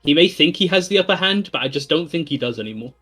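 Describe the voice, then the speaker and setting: A man's voice: fairly high pitch, expressive, fast, pushed and bright, faint music behind. A man playing in a tabletop game, chatting casually in a blunt, laughing way. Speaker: player.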